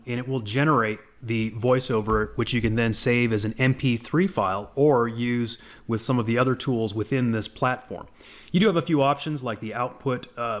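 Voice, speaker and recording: Easygoing man demoing software. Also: medium pitch. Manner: relaxed, conversational, with frequent asides. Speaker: software presenter. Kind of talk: screen-recorded product demo.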